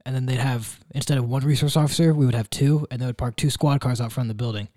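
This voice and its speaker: A man's voice: medium pitch, fairly even intonation, fast, dark tone, dry recording, clean studio sound. A young man dropping in as a guest on a podcast, chatting in a laid-back, friendly way. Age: young adult. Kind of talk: casual chat.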